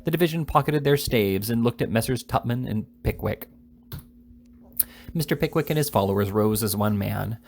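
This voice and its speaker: A man's voice: mid-range voice, moderate pace, gravelly, a little hiss or hum. Man reading a classic novel aloud. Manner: steady reading with occasional slips and restarts. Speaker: reader.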